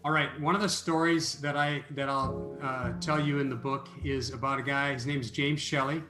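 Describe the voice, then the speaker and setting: A man telling a story as an interview guest, animated and prone to restarting his sentences. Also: mid-range voice, moderate pace, reverberant, music in the background. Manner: animated storyteller, repeats words when starting.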